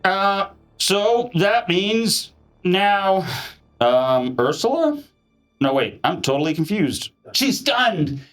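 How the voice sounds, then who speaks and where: A man narrating as game master of a live tabletop game, switching into shouted voices for enemies. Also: high voice, takes it slowly, faint music behind. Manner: animated, acts out enemy soldiers with shouts. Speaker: dungeon master.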